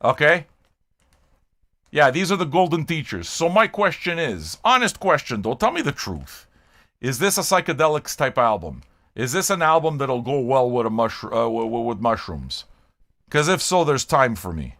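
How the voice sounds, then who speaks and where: A man's voice: medium pitch, big pitch swings, normal speed, fairly bright tone. An older man from Canada chatting loosely with his live-stream audience, rambling, swearing and joking. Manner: rambling, profane, joking with chat. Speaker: music reaction streamer. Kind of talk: casual live-stream chat.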